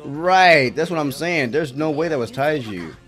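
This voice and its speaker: A man's voice: on the high side, expressive, moderate pace, a bit bright. A man giving casual reaction commentary on an anime episode, talking back to the screen with frequent exclamations and laughs. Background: faint episode soundtrack music.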